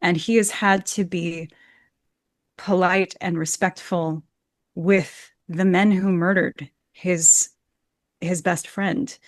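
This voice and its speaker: A woman's voice: fairly low pitch, steady tone, slow, long pauses, dry recording. Enthusiastic woman coach, dry close sound. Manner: enthusiastic, demonstrates rhythm by chanting beats. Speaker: actor and Shakespeare coach. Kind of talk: podcast interview, explaining verse.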